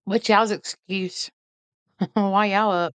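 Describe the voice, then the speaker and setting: A woman's voice: mid-range voice, fairly even intonation, takes it slowly, fairly bright tone, clear, resonant tone, no room sound. A woman, hosting a late-night live stream in a folksy, chatty way and greeting viewers by name.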